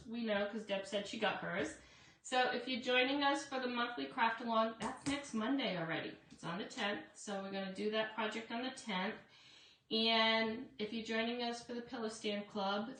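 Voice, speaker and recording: A woman's voice: on the high side, fairly bright tone. A woman hosting a casual live craft demo from her shop, chatting to viewers and calling them guys. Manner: chatty, addresses viewers as guys, frequent asides. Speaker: craft shop owner and live-stream host. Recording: roomy echo, distant from mic, faint noise.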